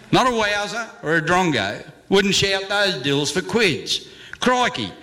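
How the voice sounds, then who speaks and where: A man's voice: high-pitched, sharp tone. A man with an Australian accent reciting a comic verse yarn in a rollicking, theatrical way, heavy with slang.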